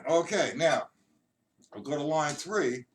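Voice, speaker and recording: A man giving a live-streamed drum lesson, taking his time as he counts beats aloud and walks through each exercise. He sits well back from the mic, and loud noise runs under his voice. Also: a little high, far from the mic. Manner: slow, patient counting aloud, demonstrating rhythms. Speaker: drum teacher.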